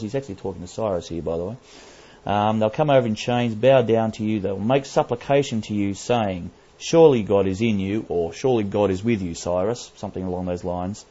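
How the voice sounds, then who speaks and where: A man with a low, mellow voice delivers a Bible study sermon from scripture. He is emphatic, slowing and repeating key phrases for weight. The recording is muffled and lo-fi. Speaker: Bible teacher.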